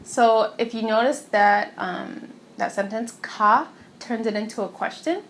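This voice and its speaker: A young woman at home giving a casual phrase lesson, chatty and giggly, saying each phrase slowly and repeating it. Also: medium pitch, a bit bright, a little hiss or hum. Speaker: language teacher vlogger. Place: warm room at home.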